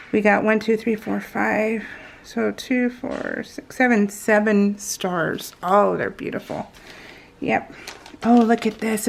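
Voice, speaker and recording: Woman craft vlogger, casual and gushing, slips into whispers; gravelly texture. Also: mid-range voice, a little hiss or hum. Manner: gushing and excitable, often dropping to a soft whisper. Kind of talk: casual unboxing chat.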